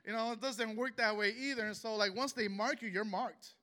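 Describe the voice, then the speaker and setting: High, bright-voiced man telling a testimony. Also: fairly even intonation. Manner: earnest and emotional, halting with many restarts. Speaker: speaker sharing a personal testimony. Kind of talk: emotional spoken testimony.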